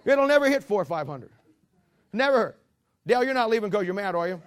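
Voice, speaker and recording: A man's voice: sits high, very animated, fairly quick. A man pastor preaching a sermon as a rambling, joking storyteller who walks about while he preaches.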